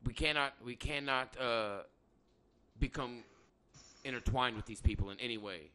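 This is a man hosting a loose podcast conversation, blunt and foul-mouthed, wandering from point to point. His voice comes through smooth and clear. He sits at a middling pitch for a man. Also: moderate pace, sharp tone. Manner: blunt, profane, rambling. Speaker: podcast host; electrician by trade. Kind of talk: casual chat.

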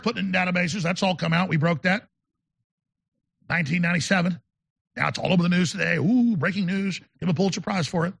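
A man's voice: high voice, creaky, a bit bright, slightly rough. A man hosting a talk show, delivering an emphatic, rambling monologue and often repeating words. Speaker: show host.

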